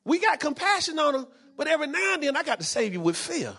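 A man's voice: very high voice, big pitch swings, quick pace, bright, forceful tone. A man preaching a sermon as pastor, fervent and repetitive, dropping in frequent amens.

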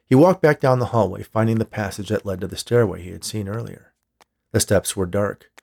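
A man reading a dark tale aloud in a measured, scripted storytelling manner. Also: on the low side, gravelly. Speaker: narrator. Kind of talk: scripted audiobook narration.

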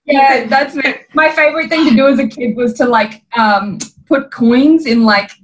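Woman podcast guest, slightly higher voice, giggly and playful, easy chat. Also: normal speed, rough recording. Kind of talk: casual podcast conversation.

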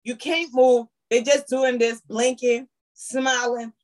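A woman's voice: a little high, little pitch movement, slow, hardly any pauses, a little mellow. A woman in casual group chat, playful and teasing, acting out little scenes as she talks.

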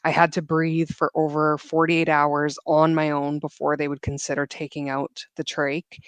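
A young woman giving an interview guest's emotional personal story, earnest and reflective, with halting restarts. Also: sits low, no echo.

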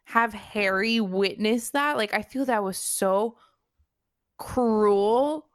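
A woman's voice: medium pitch, takes it slowly, no room sound, studio quality. A young woman co-hosting a podcast, talking in an emotional, emphatic, rambling way. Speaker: podcast co-host. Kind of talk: casual chat.

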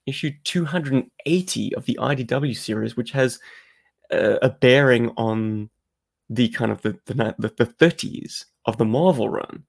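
A man's voice: mid-range voice, moderate pace, vocal fry. A South African man co-hosting a podcast, chatting casually and explaining things at length. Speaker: podcast co-host.

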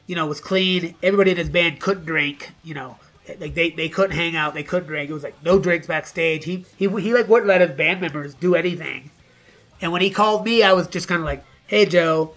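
A man's voice: high-pitched, a bit bright. A middle-aged man, a podcast guest, telling casual stories with lots of swearing and laughs between lines. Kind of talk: casual storytelling.

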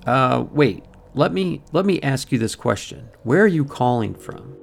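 A man's voice: mid-range voice, very animated, unhurried, creaky, voice pushed up. A man voicing a puzzled man who keeps questioning a strange caller. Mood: insistent. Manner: insistent, questioning.

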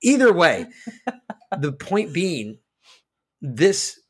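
A man co-hosting a podcast, ranting heatedly with lots of swearing and swinging between loud outbursts and slow emphasis. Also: a little high, very animated, slightly rough. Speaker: podcast co-host. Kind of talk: casual political chat.

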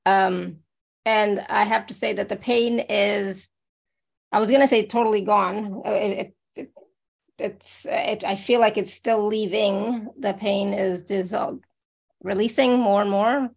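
A woman's voice: medium pitch, steady tone, unhurried, creaky. A woman hosting a live online talk, chatty and laughing easily, often restarting her sentences. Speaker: host. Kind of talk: casual live online chat.

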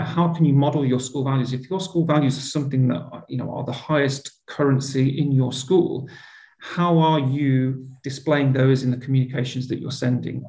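A man's voice: mid-range voice, warm tone, reverberant. A man, a school leader talking earnestly in an interview conversation. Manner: earnest, reflective, with frequent restarts.

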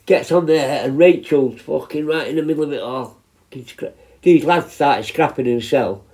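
Slightly mellow and on the high side, at a moderate pace, a prison healthcare worker in his 50s shares casual stories. His telling rambles and swears, with many restarts.

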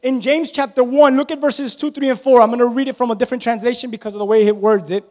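High-voiced preacher in a reverberant church. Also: male voice, fast. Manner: animated, tells personal stories and calls out to the congregation. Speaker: pastor. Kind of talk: sermon. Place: church sanctuary. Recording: long reverb of a large church hall.

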